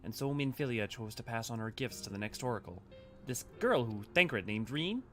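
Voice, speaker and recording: A man voices a gentle, solemn woman mentor from a fantasy game. She speaks slowly and softly, in formal words, with faint music behind. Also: medium pitch, expressive.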